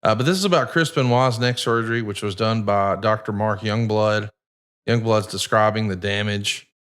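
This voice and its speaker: Male co-host, lowish pitch, steady narration and questions. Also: normal speed, clear, resonant tone. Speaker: podcast co-host. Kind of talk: casual chat, narrating footage.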